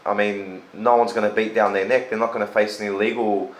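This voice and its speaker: A man's voice: on the low side, little pitch movement, brisk, echoey room, rough recording. A man, talking earnestly and telling a story in a casual conversation. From Australia. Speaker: host. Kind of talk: casual chat.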